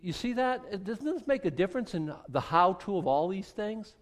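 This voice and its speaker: A middle-aged male pastor preaching a lively, joking sermon and leading a prayer. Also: sits high, normal speed. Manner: lively, joking, acts out little voices, leads a closing prayer.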